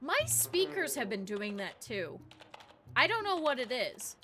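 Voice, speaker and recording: Game music runs behind a home live stream where a woman talks casually with viewers and her cat, giggling along the way. She speaks a little slowly in a high-pitched, sing-song voice.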